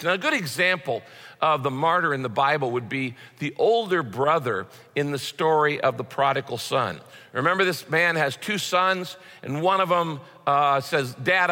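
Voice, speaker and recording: Man, pastor preaching, bright voice, fairly high pitch, long hall reverb. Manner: conversational preaching with repetitions. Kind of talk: sermon.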